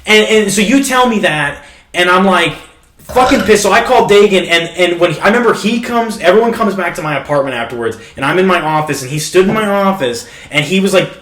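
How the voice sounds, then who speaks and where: A man in his twenties hosting a podcast, retelling a story in heated, animated casual chat and swearing constantly. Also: sits high, a little fast. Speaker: podcast host. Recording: roomy echo.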